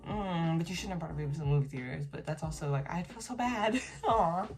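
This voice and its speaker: Faint music plays behind this YouTuber as she reads online posts aloud in a slightly low voice. She speaks fast and reacts in a relaxed, unfiltered way, swearing freely, being blunt, and breaking into her own commentary between lines.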